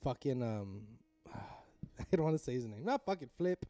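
A man co-hosting a casual podcast, crude and teasing and quick to laugh. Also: medium pitch, big pitch swings, mellow, no room sound. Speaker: podcast co-host.

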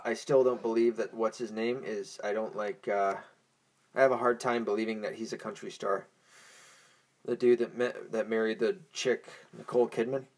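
A man's voice: on the low side, husky. A young man hosting a podcast in a casual, profane, rambling monologue, stoned and easily distracted. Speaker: podcast host.

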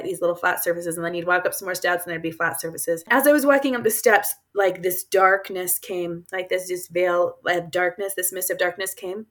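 A woman guest on an interview show, telling personal stories in an earnest, casual way, with many fillers and laughs. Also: mid-range voice. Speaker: guest author.

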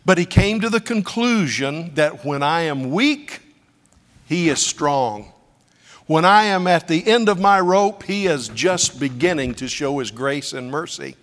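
A middle-aged male preacher delivering a sermon through story, his voice sitting a little high. He moves from soft, hushed lines to sudden loud cries. The sound carries a long reverb, like a large hall. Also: animated, a little slow. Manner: storytelling preacher, dramatic swings between hushed and shouted.

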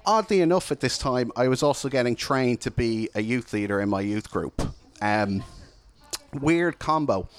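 A man, candidly and reflectively telling a personal story of struggle to an audience. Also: lowish voice. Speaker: speaker sharing a personal testimony.

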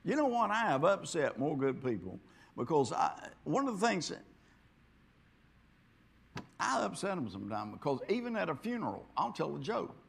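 A man preaching a sermon, rambling and repeating himself, dropping to quiet asides and then rising to loud exhortation. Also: on the high side, big pitch swings, normal speed, creaky, long pauses, breathy edge. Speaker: pastor.

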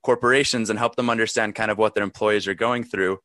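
A man's voice: on the low side, fairly even intonation, fast, fairly bright tone, no room sound. A man hosting a podcast, interviewing his guest in a casual, enthusiastic and encouraging way. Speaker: podcast host.

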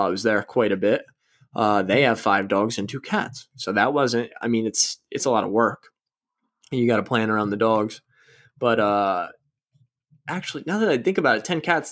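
A man's voice: mid-range voice, a bit bright. Rambling, profane young man podcasting solo. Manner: rambling, profane, self-mocking. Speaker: podcast host. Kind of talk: casual solo podcast chat.

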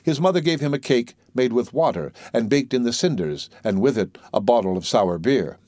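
A man narrates a classic fairy tale in a measured, clear storybook reading. His voice sits at a middle pitch and the recording is dry and close, with no room sound. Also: lively intonation, darkish tone, no room sound. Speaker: audiobook narrator.

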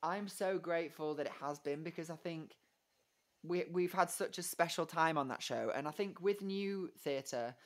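Young guy, theatre actor, chatty and giggly, a bit high voiced, lots of ums. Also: moderate pace. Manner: chatty, giggly, rambling with many fillers. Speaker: musical theatre performer, guest. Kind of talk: casual interview chat.

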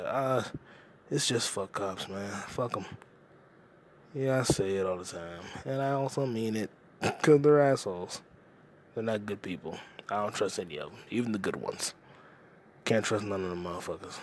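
A man hosting a comedy podcast, ranting casually with lots of profanity and quick jumps between topics. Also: on the low side, slight background noise. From United States. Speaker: podcast host.

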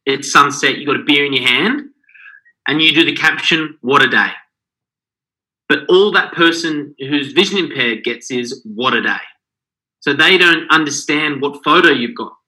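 A man's voice: on the high side, bright, forceful tone, rough recording. A man co-hosting a podcast, talking in a rambling, earnest way with many fillers. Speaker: podcast co-host. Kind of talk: casual podcast chat.

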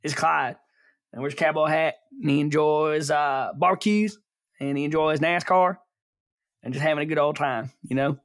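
Man, podcast co-host, rambling, flustered, fairly high voice. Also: moderate pace. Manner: rambling, flustered, repeats himself. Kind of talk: casual chat.

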